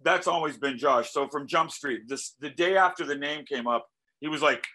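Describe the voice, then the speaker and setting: A male musician talking casually in an interview, telling animated stories, acting out quoted voices and swearing freely. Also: on the high side, moderate pace, rough recording. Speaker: musician guest.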